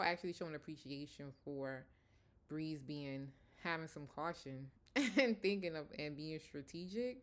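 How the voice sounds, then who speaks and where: A woman casually recapping a TV episode in a rambling, conversational way with many fillers. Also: low voice. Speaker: TV episode reviewer.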